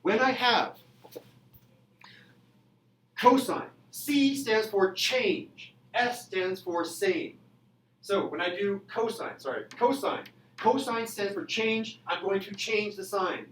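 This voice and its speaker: A young man teaching a high school math class in a classroom, playful and jokey in manner. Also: slow, fairly bright tone, slight background noise, rough recording. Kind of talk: classroom lecture.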